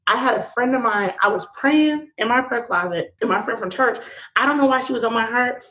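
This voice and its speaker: A woman guest in a casual talk about faith, telling stories in a slangy, lively way with frequent laughter. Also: fairly high pitch, fairly quick. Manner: animated storytelling with laughs. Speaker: podcast guest. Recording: dull lo-fi sound.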